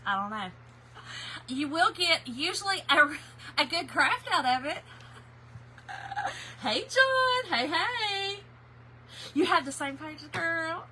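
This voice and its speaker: A bright, high-pitched woman chats casually on a craft livestream and greets her viewers one by one. A faint hum of room noise sits behind her voice. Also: lively intonation, measured pace, long pauses. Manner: chatty, greets viewers by name.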